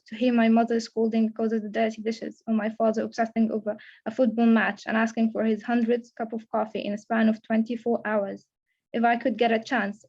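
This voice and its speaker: A woman's voice: on the high side, warm tone, dull audio. A young woman, a creative writing student, reading her own first-person fiction aloud steadily, with small restarts. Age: young adult. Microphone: video call.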